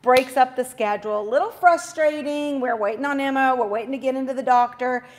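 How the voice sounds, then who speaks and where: A woman in her forties hosting a faith talk show, telling a story in a chatty, casual devotional style with quick asides. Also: high voice, slight background noise.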